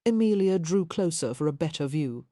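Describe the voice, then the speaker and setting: Reading scripted narration for an audiobook, a woman keeps a steady, measured storytelling pace. Her voice sits low, and the studio-quality recording has no room sound.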